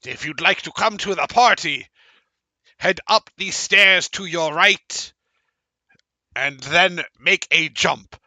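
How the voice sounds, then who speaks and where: A man putting on a squeaky fawning little ghoul. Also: slow, dry recording, heavily acted. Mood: excited. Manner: squeaky, excited, rambling. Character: small gray bat-eared ghoul servant, fawning.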